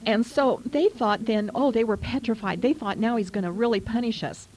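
A woman's voice: fairly high pitch, moderate pace, a little mellow, low-quality recording. A woman co-hosting a Christian talk show, earnestly retelling a Bible story and reading scripture with feeling. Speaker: co-host.

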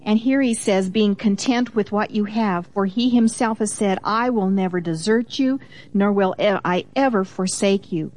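A woman's voice: medium pitch, moderate pace, darkish tone. A woman co-hosting a Christian teaching program, reading Bible verses aloud with emphasis and explaining them in a conversational way. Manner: reads scripture aloud with emphasis, affirming interjections.

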